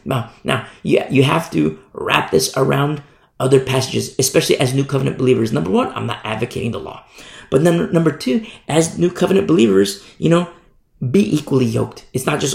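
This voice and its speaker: Male pastor giving a Bible study sermon, gravelly voice, very lively pitch, echoey room. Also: moderate pace. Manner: animated, repeats phrases for emphasis.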